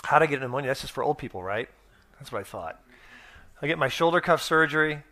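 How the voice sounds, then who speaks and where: A man's voice: a little high, lively intonation, fast talker, pushed and bright. A middle-aged man preaching in a church, telling stories in a folksy, rambling way with many restarts and fillers. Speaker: guest speaker. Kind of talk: sermon storytelling.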